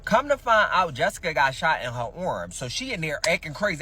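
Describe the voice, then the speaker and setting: A man's voice: a little high, big pitch swings, fairly quick, few pauses, sharp tone, distant mic, slight background noise. A man telling a dramatic first-person story in casual, slangy, profane speech, talking straight to his listeners.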